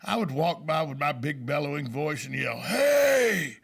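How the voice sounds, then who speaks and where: Radio host guy, forties, gravelly voice, self-mocking jokey storyteller. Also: fairly high pitch, steady tone, brisk, fairly bright tone. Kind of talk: casual radio chat. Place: radio studio.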